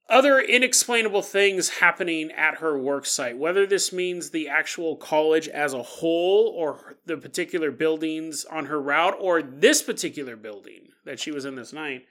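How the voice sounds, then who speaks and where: A male podcast host with a high, bright voice tells an eerie story in a loose, casual way. He is animated and jokey and laughs often. His energy stays playful even on creepy details.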